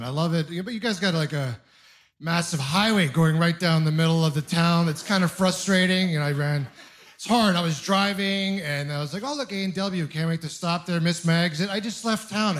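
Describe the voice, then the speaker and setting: A man in his thirties from Ontario doing a stand-up comedy set, telling stories with animated, acted-out voices. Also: a little high, moderate pace. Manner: animated storytelling, acting out voices. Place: comedy club stage with audience.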